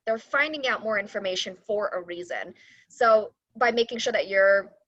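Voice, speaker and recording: A woman's voice: mid-range voice, moderate pace, no echo. Woman explaining earnestly on a dull call line. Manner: earnest, steady explanation with fillers. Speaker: admissions coordinator. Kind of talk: panel discussion answer.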